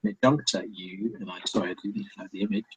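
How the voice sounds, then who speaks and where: A man running a tabletop role-playing game, narrating scenes haltingly with many restarts. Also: lowish voice, sing-song, vocal fry, a bit bright, slightly rough, lo-fi sound. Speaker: game master.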